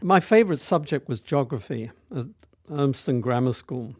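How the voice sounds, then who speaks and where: A man of about 60 from near Manchester, England, appears as a guest and reminisces about his career as a hotel group chief executive, hesitating with fillers and restarts. His medium-pitched voice is animated and moves at a normal pace. The recording is clean studio sound with no echo.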